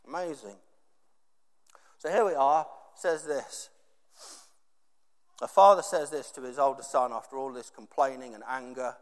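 A man preaching a sermon, emphatic and repetitive, with dramatic pauses. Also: sits high, fairly bright tone, long reverb tail.

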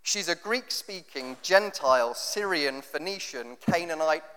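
A man's voice: on the high side, lively intonation, measured pace, pushed and bright, smooth. A man preaching a sermon in a conversational, jokey way, often acting out what people say. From England. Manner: conversational, jokey, acts out quotes. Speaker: pastor. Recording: long hall reverb.

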